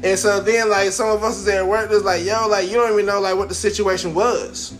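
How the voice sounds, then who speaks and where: A man's voice: high-pitched, flat delivery, fairly quick, a bit bright, faint music behind. A man hosting a podcast, telling a story from his job in a loose, rambling way, full of fillers and acted-out quotes. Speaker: podcast host. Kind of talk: casual monologue, storytelling.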